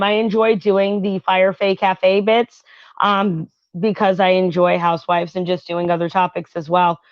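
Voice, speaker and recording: A woman's voice: medium pitch, no echo, highs cut off. A woman hosting her own channel, giving a casual tarot reading while chatting about a reality show, rambling with fillers and asides to viewers. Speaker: tarot reader and channel host.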